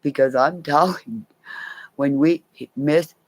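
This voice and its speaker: A woman's voice: deep voice, unhurried, no room sound. A middle-aged woman telling rambling personal stories in a casual, profane way, laughing as she goes. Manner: animated, swears a lot, laughs mid-story. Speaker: storyteller.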